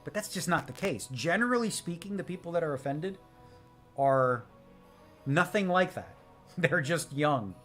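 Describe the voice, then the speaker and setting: A man's voice: fairly high pitch, animated, a little slow, a bit bright, soft background music. A man live-streaming a poker session, chatting casually with viewers in a brash, joking way and answering their chat messages. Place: home streaming setup.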